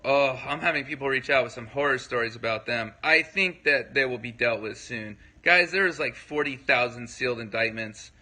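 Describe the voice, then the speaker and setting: A man's voice: mid-range voice, moderate pace, hardly any pauses, pushed and bright, low-quality recording. A man hosting a casual livestream, talking loosely to his viewers and answering their comments, rambling with lots of fillers and frequent check-ins. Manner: rambling, filler-heavy, keeps checking in with listeners. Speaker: livestream host.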